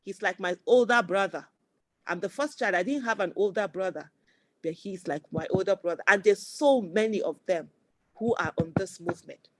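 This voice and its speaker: At a campaign fundraiser, a Nigerian woman in her forties gives an impassioned speech in fervent, repetitive bursts. She has a Nigerian accent and a medium-pitched voice at a moderate pace, with no room sound.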